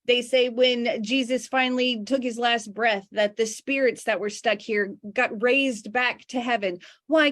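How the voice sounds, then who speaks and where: A woman's voice: on the high side, fairly even intonation, measured pace, hardly any pauses, fairly bright tone, no room sound. A woman co-host speaking in a fervent, preaching way during a spiritual teaching.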